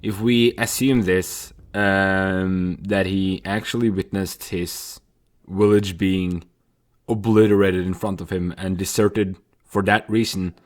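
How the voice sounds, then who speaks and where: A man playing a text adventure game, reading the story out and musing over his choices with hesitant pauses. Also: deep voice, fairly even intonation. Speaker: player narrating a text adventure. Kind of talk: reading and thinking aloud.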